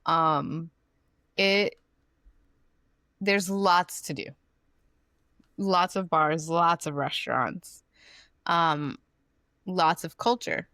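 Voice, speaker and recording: A woman's voice: on the low side, drawn-out words, pauses often, pushed and bright, no echo, clean studio sound. A woman co-hosting a podcast, chatty and thinking aloud with lots of fillers. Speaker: podcast co-host. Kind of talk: casual chat.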